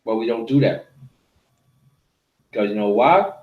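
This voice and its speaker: A man hosting a casual chat, telling a personal story in halting bursts and often repeating his words. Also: fairly low pitch, animated, phone-quality sound. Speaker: host. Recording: roomy echo.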